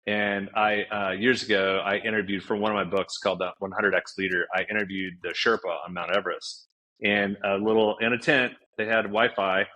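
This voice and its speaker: A man, a podcast guest and author, telling stories in a casual interview and acting out quoted dialogue with lively jumps. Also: moderate pace. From United States. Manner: animated storyteller, acts out quoted dialogue with big pitch jumps.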